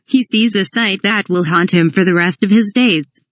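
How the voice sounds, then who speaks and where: A woman's voice: mid-range voice, normal speed, fairly bright tone, dry recording. A woman reading a humorous fan script aloud, stage directions included, sometimes spelling words letter by letter. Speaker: reader of a fan parody script.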